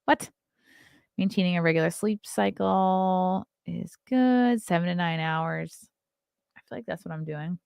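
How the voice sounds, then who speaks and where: A woman's voice: on the low side, measured pace, vocal fry, darkish tone, clean tone, no echo, clean studio sound. A woman in her thirties hosting a casual solo livestream, chatting, reading articles aloud and reacting to them, yawning often. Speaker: host.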